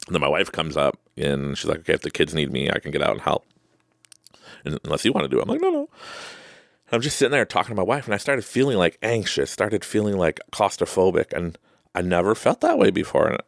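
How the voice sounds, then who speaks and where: Super deep middle-aged guy rambling thru a story on his podcast, gravelly, dry close sound. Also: fairly bright tone, dry recording. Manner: rambling, self-interrupting, laughs often. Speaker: podcast host. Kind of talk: casual personal storytelling.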